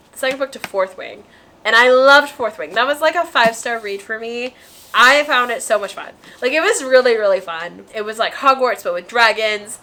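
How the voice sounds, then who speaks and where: A woman's voice: mid-range voice, pushed and bright, slight background noise, poor audio. A young woman talking casually to her viewers about books, bubbly and chatty with lots of fillers. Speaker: book vlogger. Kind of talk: casual chat to camera.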